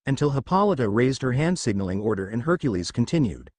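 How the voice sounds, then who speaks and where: A man's voice: medium pitch, sing-song, fast talker, hardly any pauses, a little mellow, no room sound, studio quality. A man narrating a dramatic story.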